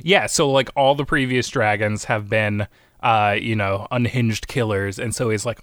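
A man's voice: on the low side, unhurried, a bit bright, no room sound. Casual male co-host, rambly, filler-heavy, a bit sweary; dry close recording. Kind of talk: casual brainstorming chat.

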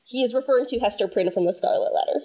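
A woman hosting a casual podcast, her voice sitting a touch high for a woman. She banters in a wry, opinionated way, quick to tease and to call things out. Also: warm tone. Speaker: podcast host. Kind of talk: casual chat.

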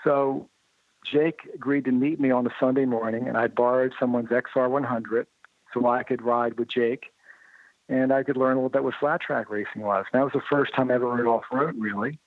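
A man being interviewed, telling motorcycle racing anecdotes in a lively way and acting out the dialogue he quotes. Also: medium pitch, brisk, no room sound. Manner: lively storyteller who acts out quoted dialogue. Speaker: interview guest, motorcycle writer. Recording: narrow phone-like line, dry.

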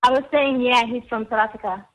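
A woman, a guest in a casual interview, talking in a relaxed way with lots of "like" and "you know". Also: a little high, fast talker, poor audio. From United States.

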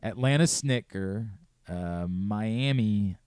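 A man's voice: on the low side, slow, darkish tone, clean tone, no echo, clean studio sound. A man hosting a sports radio show, casually searching his memory for names aloud and scolding himself when he misses. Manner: fumbling, self-deprecating, searching for names aloud. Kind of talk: casual sports talk quiz. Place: radio studio.

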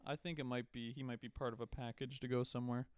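Smooth-voiced young man, sarcastic banter. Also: medium pitch, little pitch movement, fast talker, no echo. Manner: teasing, sarcastic jokes. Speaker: podcast co-host. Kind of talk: casual hockey chat.

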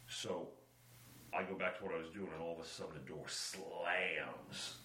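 A middle-aged man on a podcast, telling a family story in a lively, animated way and acting out the quotes. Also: deep voice, moderate pace. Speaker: podcast co-host. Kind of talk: casual chat, storytelling. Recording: echoey room with faint ambient noise.

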